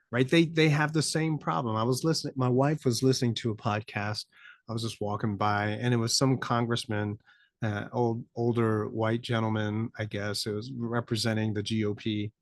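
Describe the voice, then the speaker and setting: A man's voice: fairly low pitch, dry recording. Dry-voiced man ranting with wry laughs. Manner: rambling, laughs in disbelief, rising to incredulous peaks. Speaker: podcast host. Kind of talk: casual political commentary.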